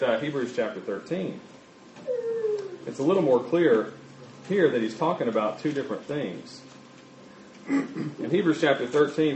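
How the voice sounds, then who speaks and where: A man preaching a sermon, talking in a conversational, halting way with many fillers and restarts. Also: medium pitch, a little mellow, distant mic, slight background noise. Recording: echoey, dull room recording.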